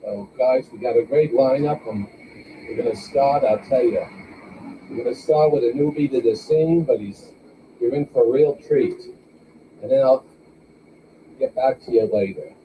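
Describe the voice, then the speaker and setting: An older man hosting an open mic, doing stand-up comedy with slow, deadpan, self-deprecating jokes in a small club. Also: medium pitch, distant mic, dull audio, noisy background. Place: small club with a live audience. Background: audience laughter.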